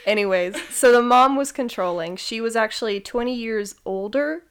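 A woman's voice: a little high, moderate pace, smooth. Giggly young woman hosting a podcast. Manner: giggly, self-deprecating, stumbles over names. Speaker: podcast host. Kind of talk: casual storytelling chat.

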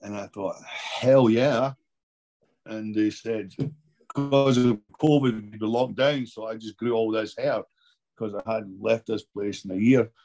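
This Scottish man, an actor guesting on an interview, talks unhurriedly in a lowish, warm, creaky voice with fairly even intonation. His casual chat rambles, with frequent sentence restarts.

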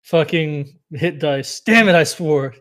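A man with a fairly high voice chats as a player in a tabletop game. He jokes around and laughs often. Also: slow pace, fairly bright tone. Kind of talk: casual chat during a tabletop game.

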